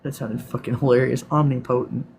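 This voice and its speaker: A man's voice: a little high, normal speed, slight background noise. A man with a Texan accent hosting a live stream, reading from a script and breaking off to answer viewers in a casual, swearing manner. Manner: casual, profane asides to viewers.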